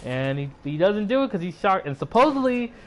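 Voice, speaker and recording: Sleepy rambling man, slightly high voice. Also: sing-song, a little fast, a bit bright, slight background noise. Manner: rambling, filler-heavy retelling. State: sleepy and yawning; sore throat. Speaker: YouTuber. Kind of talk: casual movie recap.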